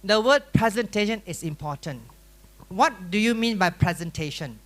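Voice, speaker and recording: Middle-aged Malaysian-accented male teacher, lively and teasing, bright forceful voice. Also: high-pitched, moderate pace. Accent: Malaysian English. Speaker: workshop teacher. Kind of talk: classroom lecture. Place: workshop room.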